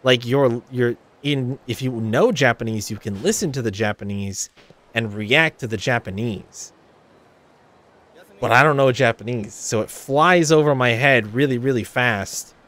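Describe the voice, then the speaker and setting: A man's voice: mid-range voice, unhurried, a bit bright. A man streaming a video game, giving casual commentary while thinking aloud and correcting himself. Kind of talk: casual let's-play commentary.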